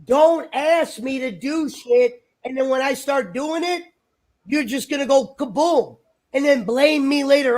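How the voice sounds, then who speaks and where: A man's voice: extremely high pitch, measured pace, darkish tone. A man chatting on a livestream in a rambling, argumentative, profane way. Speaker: stream guest. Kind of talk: casual livestream chat.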